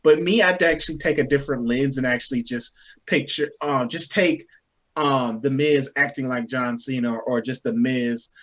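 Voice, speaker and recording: A man's voice: medium pitch, moderate pace, a bit bright. A man co-hosting a casual chat, laid-back, swearing a lot and acting out his reactions. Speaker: podcast co-host.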